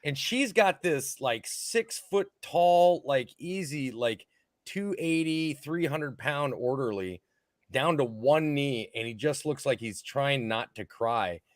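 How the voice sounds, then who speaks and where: A man co-hosting a podcast, telling a story in loose, casual banter. His pitch leaps and dips as he acts out other people's lines, with plenty of swearing. The sound is dry and close to the mic. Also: slow pace, no room sound. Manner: animated storyteller, swears freely, acts out quotes. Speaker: podcast co-host.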